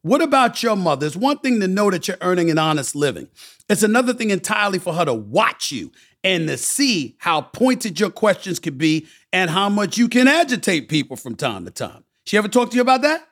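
A man's voice: high-pitched, big pitch swings, fairly bright tone. A man hosting a candid interview who asks long, emphatic questions. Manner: emphatic, drawn-out questions with repeated stressed words. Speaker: interviewer and host.

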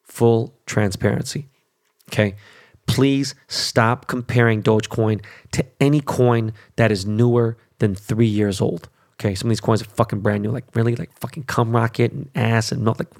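Man, podcast host, forties, from Los Angeles, raspy fry in the voice, blunt, swears a lot, casual rant. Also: medium pitch, fairly even intonation, moderate pace. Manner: blunt, heavy swearing, keeps asking "okay?".

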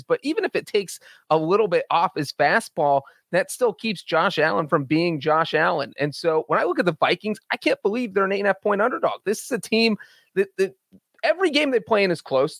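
A man's voice: fairly high pitch, fairly bright tone, no echo, studio quality. Confident man making football picks. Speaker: sports betting podcast co-host. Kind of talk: casual sports chat.

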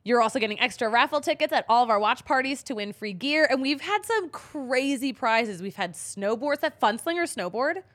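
A young woman co-hosting a sports talk podcast, her voice sitting a little high. She is bubbly and laughs easily as she chats. Even the sponsor read comes out upbeat. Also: moderate pace, few pauses. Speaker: podcast co-host. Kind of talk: casual chat with ad read.

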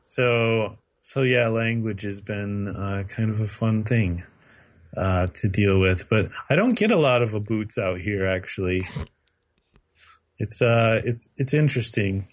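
A man's voice: on the low side, expressive, unhurried. A man co-hosting a podcast in casual chat, rambling with lots of fillers and self-corrections. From lives in western Canada. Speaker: podcast co-host.

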